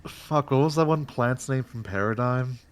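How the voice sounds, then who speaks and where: A man's voice: mid-range voice, moderate pace, smooth. A man chatting casually with a friend on a stream, joking and swearing. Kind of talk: casual live-stream chat.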